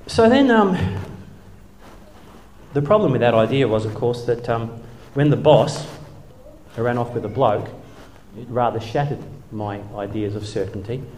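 A man's voice: mid-range voice, expressive, measured pace, a little mellow, slight background noise. Middle-aged man, wry self-deprecating storyteller on stage, echoey hall. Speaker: speaker, former church leader. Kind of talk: humorous storytelling talk. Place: hall with a live audience.

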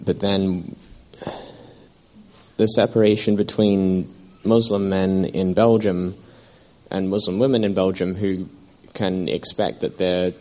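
A man in the audience asks a question, halting and searching for his words. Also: low-pitched, little pitch movement, darkish tone. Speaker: audience member asking a question. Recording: dull lo-fi recording.

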